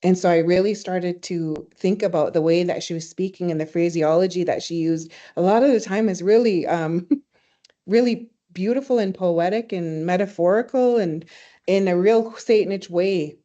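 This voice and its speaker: Woman giving a webinar language lesson, lowish mellow voice, warm storytelling, kinda dull call audio. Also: moderate pace. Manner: warm, storytelling, laughs easily. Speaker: language teacher and presenter. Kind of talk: reflective webinar talk.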